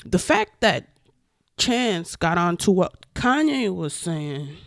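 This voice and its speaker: A woman vlogger giving casual opinion commentary, animated and profane, with emphatic outbursts. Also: lowish voice, dry recording, clean studio sound.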